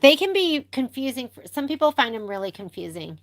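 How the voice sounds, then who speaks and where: A woman's voice: high voice, sing-song, fairly quick. Chatty woman leading a sewing stitch-along. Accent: American. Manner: chatty, talks to viewers while working. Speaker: sewing instructor. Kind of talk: casual live stitch-along.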